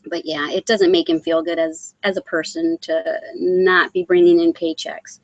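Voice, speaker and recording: A middle-aged woman from Texas hosting a casual live crochet stream, chatting and reading comments aloud, with frequent ums and throat clearing. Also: lowish voice, level tone, normal speed, no room sound, muffled recording. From San Antonio, Texas. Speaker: crochet channel host reading live chat.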